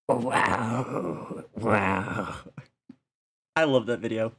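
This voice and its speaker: A man talking casually on a live stream, rambling through his thoughts and laughing often. His voice sits at an ordinary middle pitch. He speaks into a desk mic at home. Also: moderate pace. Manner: rambling, laughs often, many filler likes. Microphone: standalone desk mic.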